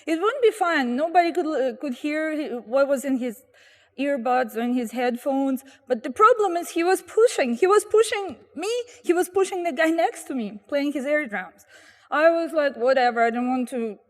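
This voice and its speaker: A woman telling funny anecdotes outdoors at a street corner, animated and acting out the people she quotes. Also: high voice, moderate pace, in a large hall. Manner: animated, acts out quoted voices. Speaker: storyteller guest. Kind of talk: anecdotal storytelling.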